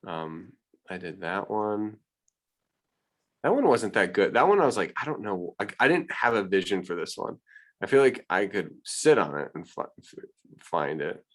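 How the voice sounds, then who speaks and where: A man's voice: low voice, big pitch swings, normal speed, a bit bright. A man, an art teacher, chatting casually with his class, hesitant, with many restarts.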